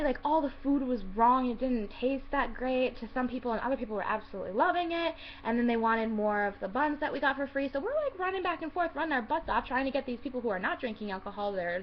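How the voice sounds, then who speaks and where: A young woman telling a story about her worst night as a waitress in a chatty, exasperated vlog style, swearing and acting out what people said. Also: a little high. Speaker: vlogger telling a work story. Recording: slightly dull lo-fi audio with faint hiss.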